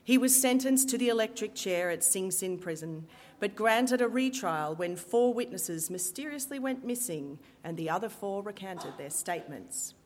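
Wry woman storyteller in a reverberant hall. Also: medium pitch. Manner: lively, wry, dramatic pauses. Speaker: storyteller and stage performer. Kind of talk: live storytelling.

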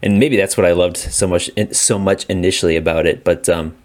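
A man co-hosting a casual video game podcast, relaxed and rambling, laughing often. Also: low-pitched, a little fast. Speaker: podcast co-host. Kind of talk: casual gaming chat.

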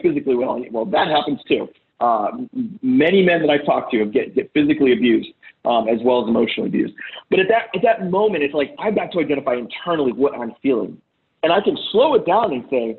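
A man's voice: medium pitch, animated, fast. A man coaching on relationships over a video call, blunt and profane, often acting out the voices he quotes. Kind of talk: casual advice talk on a call. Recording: tinny phone-like call audio.

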